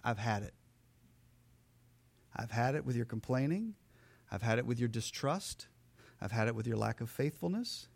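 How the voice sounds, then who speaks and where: A preacher voicing God as a stern, fed-up judge in a low, measured tone. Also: male voice, animated, gravelly, no echo.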